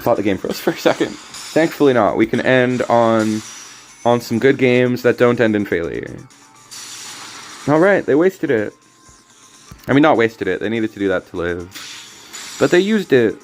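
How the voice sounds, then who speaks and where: A man's voice: medium pitch, very animated, a little slow, long pauses, soft background music. A young American man casually commenting on his card game while reading and answering chat, joking and chatty. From American South. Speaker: streamer.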